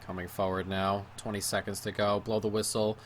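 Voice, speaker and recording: A man giving live play-by-play of his own football video game match, moving between excited shouts at goals and low, gloomy muttering at mistakes. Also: fairly quick, a little hiss or hum. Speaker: gaming YouTuber.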